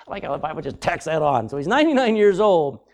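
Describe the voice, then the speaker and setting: A man preaching a sermon with an animated, swinging delivery. His pitch rises and falls in lively arcs as he reads scripture and comments on it. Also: normal speed. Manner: animated, reads scripture aloud with sudden loud and soft swings.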